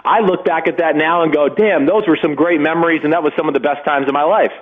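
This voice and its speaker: Guy on a thin phone line telling an old football story, kinda high voice, does the other guys' lines. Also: fast. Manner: animated, acts out quotes of others. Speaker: guest, former football player. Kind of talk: casual storytelling on radio.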